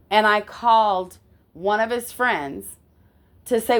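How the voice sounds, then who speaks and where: A woman's voice: mid-range voice, slow pace, long pauses. A woman telling a personal story in a casual way, emphatic and indignant, swearing now and then and often checking in with her listener.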